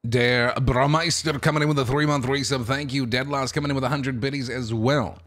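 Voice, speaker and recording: A man with a cold-roughened, hoarse voice, chatting loosely and swearing with viewers while playing a game at home. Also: mid-range voice, steady tone, fairly quick, a bit bright. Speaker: streamer. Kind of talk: casual live-stream chat while gaming.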